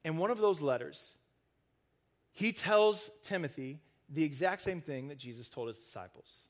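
A man preaching a sermon, earnest, rising to emphatic stresses and then dropping soft and low. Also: animated, moderate pace. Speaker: pastor.

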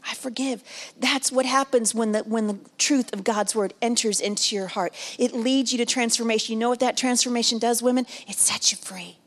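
Brief: middle-aged woman retreat speaker, slightly high voice, heartfelt sermon with story and audience asides. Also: fairly even intonation, fairly quick, few pauses. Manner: emotional, builds from hushed to loud and back; repeats phrases for emphasis, jokes with the audience. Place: large room at a women's retreat.

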